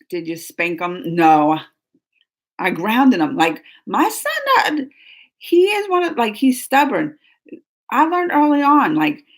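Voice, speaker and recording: A woman's voice: fairly high pitch, fairly bright tone. A woman hosting a casual live stream, chatting and rambling to viewers, laughing often. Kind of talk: casual live chat reading viewer comments.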